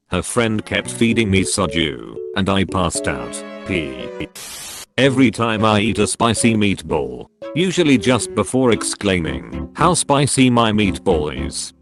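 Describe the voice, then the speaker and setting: A man or a text-to-speech engine producing a lower-pitched male voice that reads forum posts in an even, machine-like rhythm. Its intonation rises and falls in wide sweeps. Music plays clearly behind it the whole time. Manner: evenly paced, synthetic reading of short posts one after another. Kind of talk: automated reading of forum posts. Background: background music.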